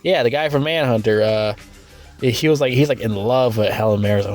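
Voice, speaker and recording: A man casually reviewing a movie, rambling and swearing a lot, with sudden loud, incredulous rants. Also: a little fast, faint music behind. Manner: rambling and crude, with frequent swearing and fillers; breaks into loud, high-pitched incredulous rants.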